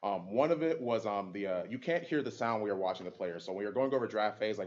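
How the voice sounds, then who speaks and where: Brief: quick chatty male caster, lots of ums, dull lo-fi audio. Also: lowish voice, a little mellow. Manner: fast, laughing storyteller with many fillers. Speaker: esports caster and panelist. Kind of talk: casual panel chat.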